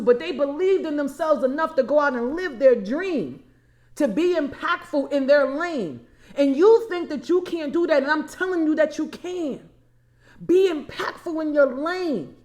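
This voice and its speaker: A woman in her forties giving an emphatic motivational talk as a coach, often repeating key phrases and calling listeners y'all. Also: a little high. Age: 40s. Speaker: vision and empowerment coach.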